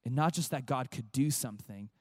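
A man pastor giving a casual, animated sermon to a young crowd, chatting and acting out short voices. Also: medium pitch, a little fast, no echo, studio quality.

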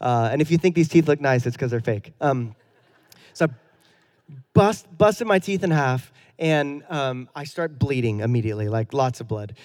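A man in his thirties, a pastor giving a sermon in a relaxed, conversational storytelling way with self-deprecating humor. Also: medium pitch, normal speed.

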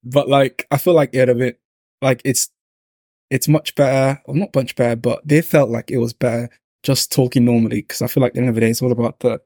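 A man co-hosting a casual film podcast, relaxed and laughing easily as he asks questions. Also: medium pitch, a little fast, no echo, studio quality. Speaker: podcast co-host.

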